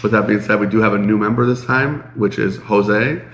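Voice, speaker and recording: Male podcast co-host, congested and nasal, low gravelly voice, rambling chat in an echoey room. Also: a little fast, fairly bright tone. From Chicago area. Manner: rambling, many fillers. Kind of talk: casual chat.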